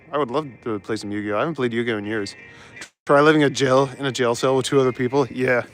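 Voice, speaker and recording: A man's voice: mid-range voice, fairly even intonation, quick pace. A young man in casual chat as a live streamer, walking outdoors through city streets and chuckling as he answers his chat. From Canada. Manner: laid-back, chuckles often, reads out chat.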